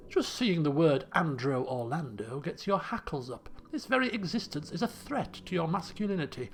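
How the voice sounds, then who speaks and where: A man hosting a game playthrough, reading narration in a lower, measured voice and adding wry comments. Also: animated, gravelly, soft background music. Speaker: let's play host.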